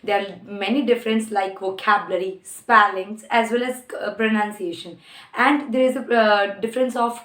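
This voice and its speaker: Indian English woman teaching, echoey room. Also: medium pitch. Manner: explains word pairs, repeats example words slowly. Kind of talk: spoken English lesson. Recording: roomy echo.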